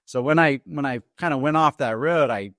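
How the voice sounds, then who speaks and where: A middle-aged man, an Army veteran, telling his own story as a podcast guest, in a halting way with many fillers and restarts. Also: mid-range voice, fairly bright tone, no room sound, studio quality. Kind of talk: personal story told in an interview. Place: podcast studio.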